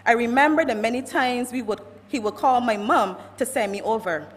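A Barbadian woman reads a eulogy at a church funeral, recounting stories of her uncle from her notes. Her voice sits fairly high, and long reverb from the church hangs around every word. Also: normal speed. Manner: reads from notes, warm storytelling with quoted anecdotes. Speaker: family member giving a eulogy. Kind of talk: reading a eulogy at a funeral service.

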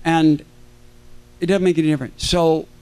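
An older man with a notably high voice tells loose, jokey stories from a convention panel stage. He keeps breaking off mid-sentence and circling back. Now and then he acts out the people he quotes. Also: fairly even intonation, moderate pace, a little mellow, smooth. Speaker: celebrity panel guest. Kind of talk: rambling anecdotal storytelling.

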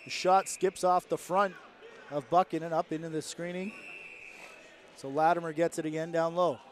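Man, play-by-play commentary, brisk, slightly high voice, rising with the action. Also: steady tone. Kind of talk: sports commentary.

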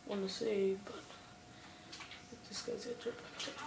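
A young woman giving casual gameplay commentary, excitable and quick to swear and yell at the game. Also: mid-range voice, creaky, heavy background noise. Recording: echoey room, far from the mic, music behind.

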